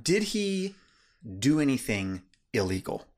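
A male podcast co-host in relaxed conversation, mostly backing up his partner with quick agreement and short asides. His pitch jumps around in lively swings as he speaks. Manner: agreeable, chimes in with short affirmations. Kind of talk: casual chat reviewing a documentary.

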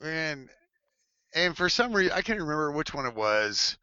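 A man in his forties tells a rambling story in casual chat, laughing and slipping into funny voices for the people he quotes. His voice is bright and a little high for a man. The sound is dull and dry, as if through a headset mic. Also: normal speed, clean tone, no echo. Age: 40s. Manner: animated, laughing, acts out quotes in shifting voices. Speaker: former cheerleader telling a story.

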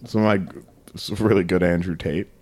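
A man's voice: low-pitched, brisk. A man co-hosting a casual podcast, cracking jokes and swearing freely. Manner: joking, swearing, lively delivery. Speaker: podcast co-host.

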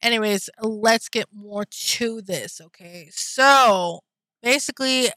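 A woman's voice: a little high, slow, sharp tone, no room sound. A young woman vlogging casually, rambling with lots of fillers and talking straight to her viewers, blunt and swearing when riled. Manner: rambling, chatty, full of fillers and asides to viewers. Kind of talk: casual anime chat.

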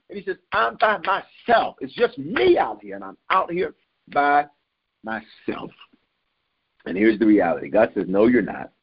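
A man preaching a sermon to leaders, repeating lines for emphasis and swinging his pitch up and down as he builds. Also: husky, highs cut off.

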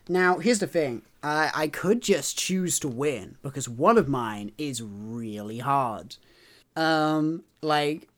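A man co-hosting a podcast in casual chat, playful and animated, quick to put on mock outrage. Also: on the high side. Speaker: podcast co-host.

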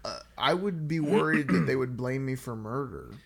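A man's voice: medium pitch, expressive, normal speed, vocal fry, a loud crowd. A man co-hosting a casual podcast chat, speaking earnestly and repeating himself as he argues a point. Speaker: podcast co-host.

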